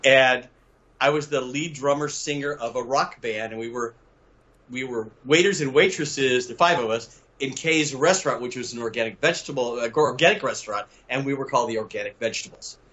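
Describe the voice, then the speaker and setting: An older man from Mississippi, a guest telling lively stories over a video call and laughing often. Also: mid-range voice, brisk. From Southern US, Mississippi. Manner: animated storyteller, laughs often.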